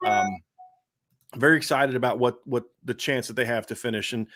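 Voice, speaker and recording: A man's voice: mid-range voice, normal speed, a bit bright, soft background music. A man hosting a sports talk podcast, chatting casually and rambling with lots of filler words. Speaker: podcast host.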